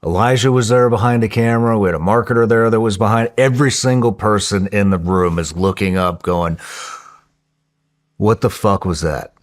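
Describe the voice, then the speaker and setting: Man, lowish voice, casual podcast storytelling, swears a lot, excitable, restarts sentences. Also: fairly quick, few pauses.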